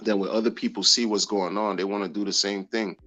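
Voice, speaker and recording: A man hosting a casual crypto livestream, talking in an animated, slangy way with lots of repeated phrases. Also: fairly low pitch, quick pace. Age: adult. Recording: dull lo-fi audio with faint music.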